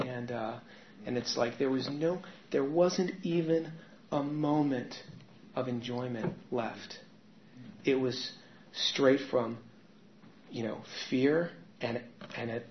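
A man telling his personal recovery story to a meeting in a candid, conversational way. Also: medium pitch. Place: meeting room with an audience. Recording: echoey room, dull lo-fi sound.

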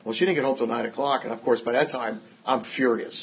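Older man, recovery speaker, wry storyteller, middle-pitched, lo-fi phone-like audio. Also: steady tone, fast talker, a little hiss or hum. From Massachusetts. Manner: wry storytelling, self-mocking humor. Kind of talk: personal recovery story told to a group.

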